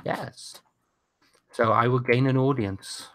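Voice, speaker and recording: Bright-voiced man, halting player. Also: medium pitch, steady tone. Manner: halting, many fillers. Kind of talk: describing wrestling moves in a tabletop game. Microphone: video call.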